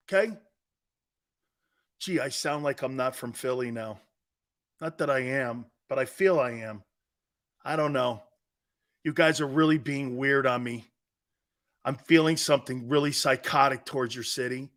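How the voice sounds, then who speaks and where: Brash, animated sports talk host. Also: male voice, medium pitch. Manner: brash, animated storyteller, acts out dialogue. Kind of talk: loose sports radio rant.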